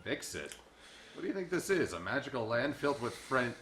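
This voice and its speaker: A man making sarcastic, animated comments in a casual group reaction chat. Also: mid-range voice, brisk, crowd noise. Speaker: reaction video panelist.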